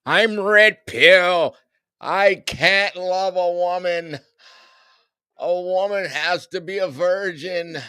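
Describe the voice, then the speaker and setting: A man voicing a smug, preachy young man who lectures slowly and loudly in a mocking tone. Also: high voice, smooth, no room sound, studio quality, pitched above the performer's own voice, exaggerated voice. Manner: slow, loud, mocking lecture.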